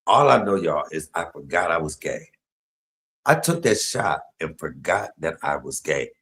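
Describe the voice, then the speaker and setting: A man's voice: very deep voice, very animated, normal speed, a bit bright, rough recording. A middle-aged man, telling stories on a home cooking livestream, chatty and laughing. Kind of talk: casual storytelling while cooking.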